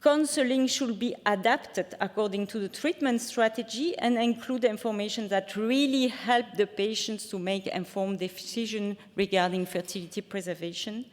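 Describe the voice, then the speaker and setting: A woman's voice: mid-range voice, normal speed, hardly any pauses. A woman giving an academic conference talk and answering questions, hesitant with frequent fillers and restarts. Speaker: conference speaker. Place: conference hall. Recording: reverberant conference hall.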